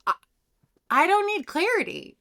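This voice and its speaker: A woman's voice: very high voice, a little slow. A woman doing a pick-a-card tarot reading, talking casually and telling a story from her own life. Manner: chatty, animated, tells personal stories. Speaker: tarot reader.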